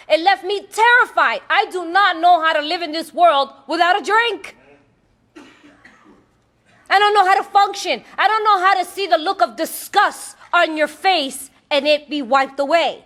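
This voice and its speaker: Blunt high-voiced woman sharing her story. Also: a bit bright. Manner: blunt, streetwise, laughing often. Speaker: recovery meeting speaker. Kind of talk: personal testimony talk.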